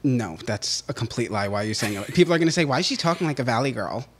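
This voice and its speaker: A man co-hosting a podcast in casual chat, rambling through stories with sudden jumps in pitch and loudness. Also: expressive, fast talker, background noise. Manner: rambling, chatty storytelling. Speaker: podcast co-host.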